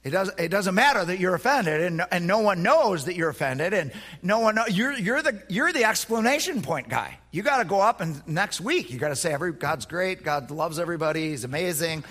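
Husky, bright-voiced pastor preaching. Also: male voice, high voice, very animated, a little fast, hardly any pauses, big-room sound. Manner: passionate, swinging from hushed to shouting. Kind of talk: sermon.

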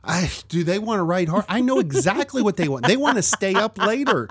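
A man's voice: sits high, sing-song, fairly quick, a bit bright, breathy edge, no echo. Earnest middle-aged man, dry close sound. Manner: earnest, reflective, storytelling. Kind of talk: casual faith conversation.

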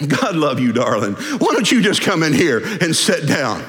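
A man voicing a laid-back, folksy Jesus with a Texan accent, gently coaxing someone to relax, in a sermon story. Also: on the high side, huge pitch swings, normal speed, pitched below the performer's own voice. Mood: easygoing. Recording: echoey hall.

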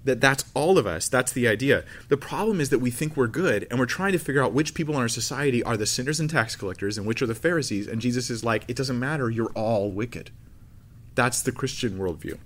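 A male Bible teacher talking casually, with jokes and frequent restarts. His voice sits at an ordinary middle pitch, and his tone stays relaxed and chatty. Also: quick pace, few pauses. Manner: conversational, joking, frequent restarts.

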